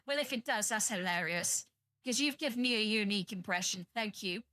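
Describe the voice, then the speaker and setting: A woman's voice: medium pitch, fairly quick, sharp tone, dry recording, studio quality. A young British woman streaming live, chatting to viewers in a blunt, profane, rambling way and sounding tired. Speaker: livestreamer.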